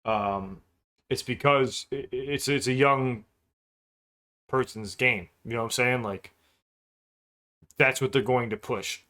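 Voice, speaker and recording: Man, reaction host, casual commentary, excitable, swears a lot, mid-pitched voice. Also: slow pace, pauses often. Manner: excitable, profane, breaks down lyrics line by line.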